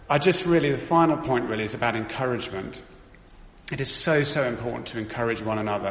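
A man's voice: mid-range voice, gravelly. A middle-aged man giving an earnest sermon testimony, telling a story with frequent restarts. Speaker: preacher. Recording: roomy hall with long reverb.

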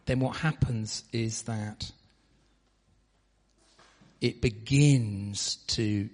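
A man pastor leading a church meeting, chatty and relaxed, speaking with long pauses. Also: lowish voice, long reverb tail. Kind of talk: informal preaching. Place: church hall.

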